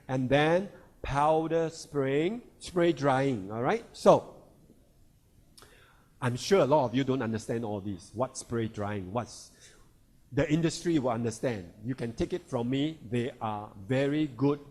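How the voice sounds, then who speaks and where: Slow-talking man giving a health talk. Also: medium pitch, a little mellow. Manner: checks in with listeners, asking "right?" and "all right?". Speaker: health presenter. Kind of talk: instructional talk.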